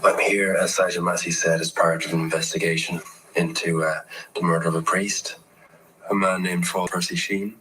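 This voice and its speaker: An actor playing a police investigator who speaks in a measured, formal way. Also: male voice, low-pitched, level tone, pushed and bright, recorded from a distance, a little hiss or hum, poor audio.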